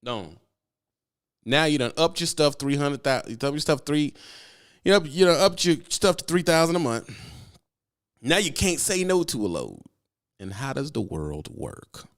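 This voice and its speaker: A man who streams about trucking, talking in an animated, slangy, teasing way and reading chat aloud. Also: on the high side, moderate pace, pauses often. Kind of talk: casual live-stream chat.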